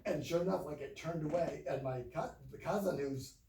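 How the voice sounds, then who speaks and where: A man's voice: a little high, fairly quick, a little hiss or hum. Middle-aged male trainer, rambling storyteller, roomy echo, mic set far back. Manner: rambling, self-correcting, animated when telling stories. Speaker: training speaker. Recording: roomy distant mic, faint ambience.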